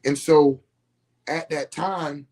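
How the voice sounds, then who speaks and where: This man's voice is on the high side and darkish, with fairly even intonation and a slow pace. Telling his audience a personal story in a relaxed, conversational way, he repeats himself often and asks if they're following.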